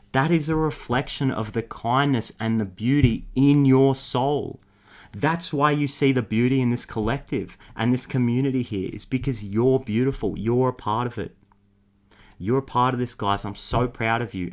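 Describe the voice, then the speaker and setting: A man hosting a tarot card reading video, talking straight to his viewers in an enthusiastic, affectionate, rambling way. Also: medium pitch. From Australia. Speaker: tarot reader.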